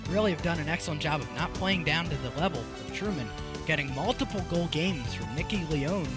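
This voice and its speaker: Young man, play-by-play commentator, energetic, bursts up on goals, fairly high voice, music behind. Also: fairly quick. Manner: energetic, rises sharply on goals. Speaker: play-by-play announcer. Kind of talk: live sports commentary.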